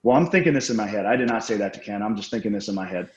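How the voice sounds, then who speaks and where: Low-voiced man telling candid stories. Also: racing, a little mellow. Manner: candid, profane, rambling anecdotes. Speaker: interview guest. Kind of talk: casual storytelling interview. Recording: roomy, dull lo-fi sound.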